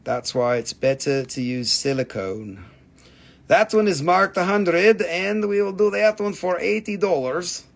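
A man's voice: high-pitched, expressive, unhurried, vocal fry. A man hosting a live stream gem sale, with joking sales patter and a put-on quirky accent that comes and goes.

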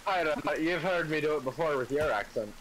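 A man's voice: fairly high pitch, fairly quick, a crowd in the background, low-quality recording. A man chatting casually while gaming, a jokey storyteller. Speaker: co-player guest.

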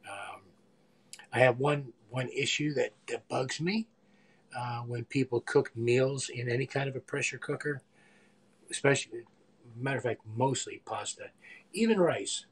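Rambling husky older man cooking live. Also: mid-range voice, unhurried. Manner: chatty, meandering, drifts into mumbles and asides. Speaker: live-stream cook. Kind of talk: rambling live-stream chat. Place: home kitchen.

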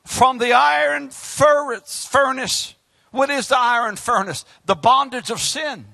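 A male pastor with a Southern US accent, preaching a fiery sermon and swinging from loud outbursts to quiet asides. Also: very high-pitched, unhurried, creaky, dry recording. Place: church sanctuary.

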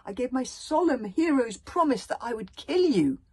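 A woman's voice: fairly high pitch, big pitch swings, moderate pace, warm tone, husky, pitched above the performer's own voice. A woman voicing a troubled male bodyguard warrior in a storybook reading, muttering and heavy. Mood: weary.

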